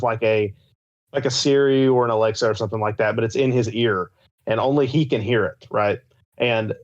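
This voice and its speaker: Eager rambling young man, muffled sound. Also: medium pitch. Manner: enthusiastic, rambling with many fillers. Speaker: podcast co-host. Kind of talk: casual chat. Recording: slightly dull lo-fi sound.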